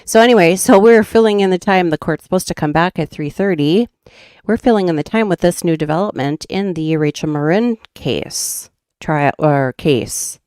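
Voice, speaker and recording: Brief: Minnesotan woman, true crime streamer, rambling casual chat, low pitch, dry sound. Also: moderate pace, a little mellow, clear, resonant tone, no room sound. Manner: chatty, rambling, laughs often. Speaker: true crime YouTube host.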